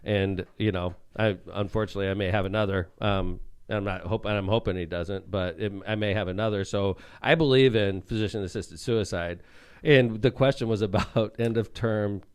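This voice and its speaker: A middle-aged man hosting a podcast, with a smooth, resonant voice. He tells his stories animatedly and acts out what he said himself. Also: lowish voice, brisk. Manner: animated storyteller, acts out his own quotes. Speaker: podcast host, mayor. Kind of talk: casual chat.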